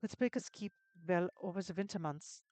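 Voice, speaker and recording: A game streamer voicing a young farmer's daughter in a vague put-on foreign accent, earnest and a little halting. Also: medium pitch, a little mellow, no echo, close to an everyday voice, poor audio. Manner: earnest, simple, slightly halting.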